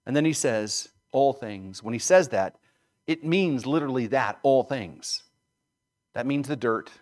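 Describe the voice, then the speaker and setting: A man preaching a sermon, emphatic, building to loud stresses and then dropping low. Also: lively intonation, moderate pace. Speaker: pastor.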